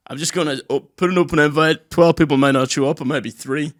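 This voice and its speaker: A man's voice: medium pitch, quick pace, hardly any pauses. A young man, telling stories on a podcast with lots of swearing and acted-out quotes. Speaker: podcast co-host. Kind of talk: casual chat.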